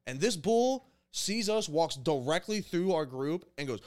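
A man chatting with friends on a sports podcast. His pitch rises and falls a lot as he spins an anecdote. He sounds relaxed and casual. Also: measured pace, hardly any pauses. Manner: animated storyteller, lively pitch. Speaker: podcast co-host. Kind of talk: casual chat.

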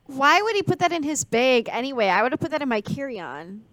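A woman's voice: high voice, sing-song, brisk, a bit bright. A young woman co-hosting a podcast, chatting casually about a movie in a dramatic, joking way and laughing often. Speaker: podcast co-host. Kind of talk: casual chat recapping a movie.

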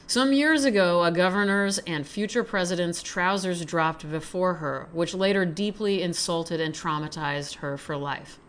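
A woman's voice: fairly low pitch, a little slow, hardly any pauses. A woman hosting a podcast, reading essays aloud and chatting casually, swearing freely, worn out yet fired up. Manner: profane, excitable, self-mocking. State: exhausted, recovering from surgery.

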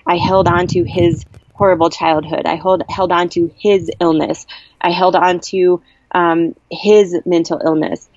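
A woman around forty tells a personal story in a candid, heartfelt way. She often stops, restarts and searches for words. Her voice sits fairly low, and the recording is dry, with no room sound, and dull, with a muffled lo-fi tone. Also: fairly even intonation, darkish tone, dry recording. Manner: earnest, heartfelt, halting with many restarts. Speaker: interviewee sharing a personal story. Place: at a camp.

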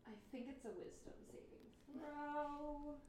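A woman's voice: high voice, steady tone, measured pace, a little mellow, slight background noise. A woman playing a tabletop game who explains the rules in a matter-of-fact way. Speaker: player. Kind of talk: casual game chat.

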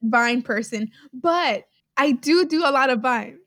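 Giggly nervous young woman, high voice. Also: measured pace, a bit bright, no echo, studio quality. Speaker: podcast co-host, quiz contestant. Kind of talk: casual chat.

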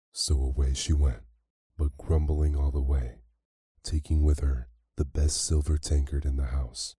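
A man narrating a classic fairy tale as a slow, soothing bedtime story. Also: rumbling low, little pitch movement, slightly rough, dry recording, clean studio sound. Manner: slow, soft, soothing reading.

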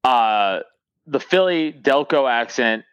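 A young man, a stand-up comedian, talks on a podcast with profane jokes and quick laughs. His pitch swings in a lively way. The sound is dry and close to the mic. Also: clear, resonant tone, no echo, highs cut off. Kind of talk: casual podcast chat.

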